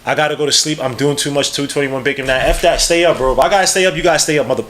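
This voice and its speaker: Excitable New man doing live commentary. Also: fairly high pitch, rapid-fire. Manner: excitable, rambling, slangy. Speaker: podcast host.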